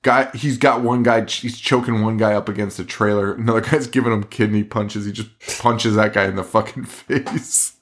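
A man's voice: lowish voice, fairly even intonation, moderate pace, hardly any pauses. A young man co-hosting a podcast, recapping a film in a loose, profane, laughing way. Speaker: podcast co-host. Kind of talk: casual chat.

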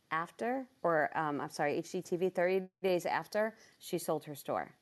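A woman with a somewhat low voice tells a heartfelt story about her own life. She speaks with feeling and lots of expression, and her voice leaps up when she acts out her own thoughts. It comes across as an unscripted personal testimony. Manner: animated, emotional, jumps high when quoting herself. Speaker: business owner and speaker.

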